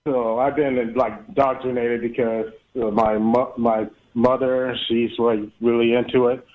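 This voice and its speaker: A man in his thirties calling in to a show, speaking haltingly with many restarts and fillers. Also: mid-range voice, flat delivery. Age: 30s. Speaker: caller. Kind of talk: call-in chat. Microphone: phone. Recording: tinny phone line.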